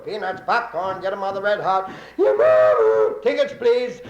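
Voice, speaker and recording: Male comic doing a rhythmic, sing-song train conductor with scat patter, high and lively, old echoey live tape. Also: unhurried, dull audio. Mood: brisk. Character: bustling male train conductor calling stations. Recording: echoey 1950s live recording.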